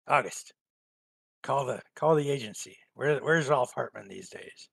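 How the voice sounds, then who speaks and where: A player in a tabletop game asking questions in a slow, halting way, repeating words as they go. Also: mid-range voice, lively intonation, gravelly, a bit bright, husky, rough recording.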